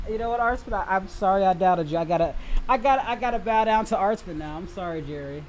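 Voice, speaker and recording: A man hosting a casual livestream Q&A, rambling and repeating himself, with sudden bursts of shouting and laughter at his chat. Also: high-pitched, fairly quick, slight background noise, low-quality recording. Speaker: livestream host answering chat.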